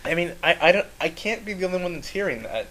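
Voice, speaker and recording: A man's voice: high-pitched, lively intonation, fast, fairly bright tone, poor audio. A young man co-hosting a live-stream podcast, hedging his opinions with frequent "I don't know"s. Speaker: podcast co-host. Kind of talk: casual live-stream Q&A chat.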